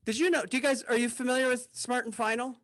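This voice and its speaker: A man's voice: very high-pitched, fairly even intonation, fast, fairly bright tone. Rambling man telling a stand-up bit. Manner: rambling, chuckling at his own jokes. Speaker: comedian. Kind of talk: stand-up comedy set.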